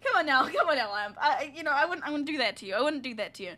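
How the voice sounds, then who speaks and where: A woman's voice: high voice, expressive, rapid-fire, pushed and bright. A woman from New Zealand streaming a story game, chatting and teasing her viewers playfully with giggles. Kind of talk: casual let's-play chat.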